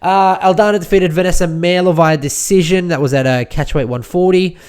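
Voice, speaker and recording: An Australian man hosts a solo podcast recap, chatting loosely and cracking jokes as he goes. His voice sits a little on the high side, and his talk is full of "uh"s and restarts. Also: fairly quick, darkish tone, clear, resonant tone. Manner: rambling and jokey, with many fillers and restarts. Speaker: podcast host.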